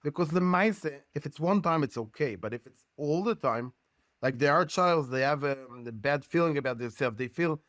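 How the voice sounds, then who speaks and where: A Hebrew-native man explains his views as an educator in an earnest, storytelling way, his English halting and dotted with Hebrew terms. His voice sits a little high. The recording is dry and close. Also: lively intonation, a bit bright, no echo. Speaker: guest rabbi and educator. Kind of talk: podcast discussion.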